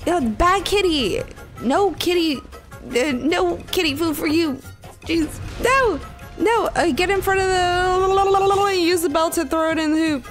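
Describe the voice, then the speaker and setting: A young woman hosting a gaming channel, giving excitable gameplay commentary with frequent squeals and gasps over game music. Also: extremely high pitch, slow pace. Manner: squeals, gasps and laughs often.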